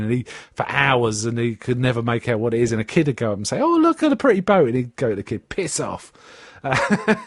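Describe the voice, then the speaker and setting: In a dry, studio-quality recording, a male podcast host casually recaps a TV episode. He retells it with animation, acting out the characters' lines and raising his pitch whenever he quotes them.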